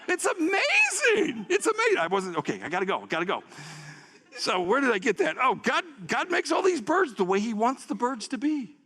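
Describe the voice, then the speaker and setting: Animated high-pitched male pastor preaching. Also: brisk, big-room sound. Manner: animated, laughing, calls on the congregation to repeat words. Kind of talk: sermon.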